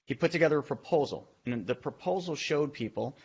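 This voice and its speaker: A man with a husky voice who talks very fast, rushing through explanations and tangents. The sound is dull and muffled, like podcast audio with the top end shaved off. He keeps pushing his points with energy. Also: a little high, animated. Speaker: real estate investor and teacher. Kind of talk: podcast discussion.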